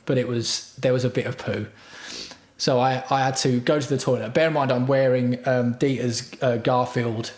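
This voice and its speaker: A man chatting on his livestream in a rambling, foul-mouthed, self-mocking way. His pitch is middling for a man. The sound echoes around a roomy home room. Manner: profane, crude, self-mocking storytelling. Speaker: livestream host. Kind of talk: rambling casual livestream chat.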